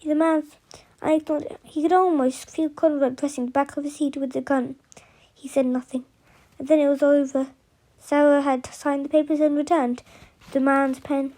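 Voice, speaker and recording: A woman reads a novel aloud in a high, mellow voice. She stumbles often, restarting and correcting words as she goes. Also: level tone, moderate pace. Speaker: reader of an audiobook.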